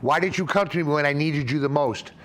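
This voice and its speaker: A man voicing a devout Christian man on a flooded roof, speaking slowly and earnestly. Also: on the high side, a bit bright, close to an everyday voice. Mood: aggrieved.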